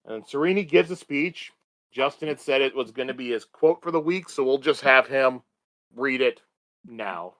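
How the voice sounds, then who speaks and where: A man co-hosting a book podcast, reading a chapter summary in a steady recap delivery. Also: medium pitch, moderate pace, dry recording.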